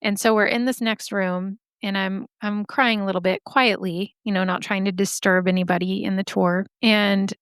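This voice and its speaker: Smooth-voiced woman podcaster telling stories. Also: medium pitch, steady tone, moderate pace, few pauses, no room sound, studio quality. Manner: candid, chatty, swears freely. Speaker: podcast host. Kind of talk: casual storytelling.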